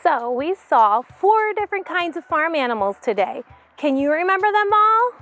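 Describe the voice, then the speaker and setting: A woman hosting a farm tour for children, talking in an animated way straight to young viewers, outdoors on a farm. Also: very high voice, moderate pace, faint music behind. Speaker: host showing a farm to children. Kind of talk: children's educational talk.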